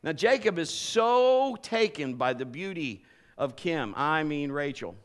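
Animated man preaching a sermon. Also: a little high, measured pace. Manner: animated, humorous storytelling. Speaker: pastor.

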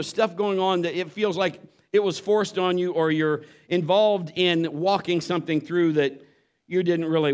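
A man delivering a sermon in a storytelling way. His voice sits a bit high for a man, and he slips in and out of the voices of the people in his story. He moves between relaxed asides and scripture. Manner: animated storyteller acting out voices. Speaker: pastor.

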